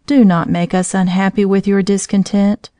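A woman voicing a chorus of gentle, sisterly flowers in a storybook, speaking softly and coaxingly. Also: mid-range voice, level tone, moderate pace, no echo, natural voice.

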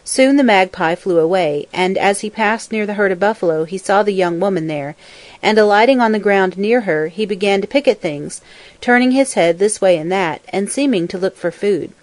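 A woman reading a folk tale aloud in a calm, measured way. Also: medium pitch, no echo. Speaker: storyteller.

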